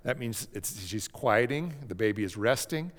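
A man giving a gentle slide lecture on how children learn to handle emotions, often checking in with "okay?" and softly acting out a comforting parent. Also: on the low side, lively intonation, moderate pace, long reverb tail. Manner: drops to a soft cooing voice when acting out a parent. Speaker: speaker teaching about emotions.

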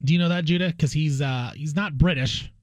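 A man with a fairly high voice hosts a sports radio show, telling stories in an animated and joking way. His voice is close to the mic and dry, with no room sound. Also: brisk, no room sound. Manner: animated, jokey storytelling. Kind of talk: casual sports radio chat.

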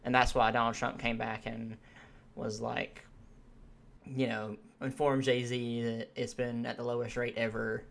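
A man's voice: mid-range voice, flat delivery, unhurried, vocal fry, a bit bright. Laid-back hesitant podcast man. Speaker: podcast co-host. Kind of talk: casual political chat.

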